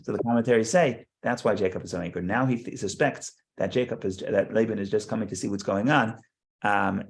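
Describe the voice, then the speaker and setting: A man with a lowish, gravelly voice teaches a Torah study class, reading verses aloud and explaining them. He restarts often and repeats words.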